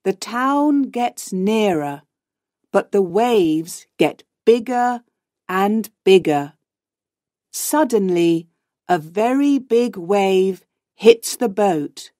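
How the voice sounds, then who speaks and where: Woman narrator for learners, clear and unhurried, dry close sound. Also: medium pitch, dark tone, no room sound. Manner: slow, clear, simple reading. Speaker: audiobook narrator. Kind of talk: graded reader narration for learners.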